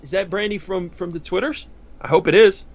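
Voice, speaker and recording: Brief: male co-streamer, slightly high voice, bubbly, thanks viewers, laughs a lot. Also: fairly quick, creaky, slight background noise. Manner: excitable, laughs often, reads out chat names. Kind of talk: casual live-stream chat.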